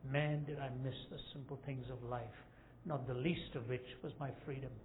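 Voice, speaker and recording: A man in his sixties preaching a sermon to a group of men, telling stories that rise to loud, emphatic peaks. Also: mid-range voice, steady tone, moderate pace. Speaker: evangelist speaker. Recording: tinny phone-like lo-fi recording with faint hiss.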